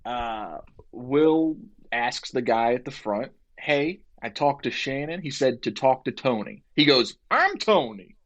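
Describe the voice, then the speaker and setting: A young man co-hosting a podcast, who laughs often and retells events with excitement. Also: medium pitch, measured pace, hardly any pauses. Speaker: podcast co-host. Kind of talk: casual chat. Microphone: podcast microphone.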